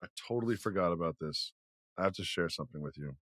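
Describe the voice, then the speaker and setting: A man co-hosting a sports podcast, talking casually in an animated, disbelieving way and laughing through his rants. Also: deep voice, fast talker, no echo, studio quality. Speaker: podcast co-host.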